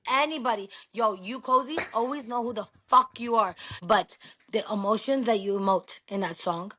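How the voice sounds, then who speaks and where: A middle-aged woman of Pakistani heritage, a guest on a podcast, chats casually in an animated, emphatic way and swears freely. Her voice sits fairly high and she talks at a moderate pace.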